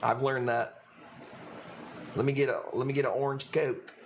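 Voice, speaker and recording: A man from Chicago with a Chicago accent rambles through a live sales stream. His voice sits at an ordinary middle pitch, and he talks loosely and casually with frequent swearing. A faint hum runs under his voice. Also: flat delivery, normal speed. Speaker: livestream coral seller. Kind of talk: casual livestream chat.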